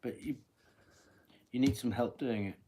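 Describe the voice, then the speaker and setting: A man giving a live-stream tarot reading, thinking aloud as he draws cards and often clearing his throat. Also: mid-range voice, unhurried, warm tone, a little hiss or hum. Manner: musing aloud while drawing cards, frequent throat-clearing. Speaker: tarot reader.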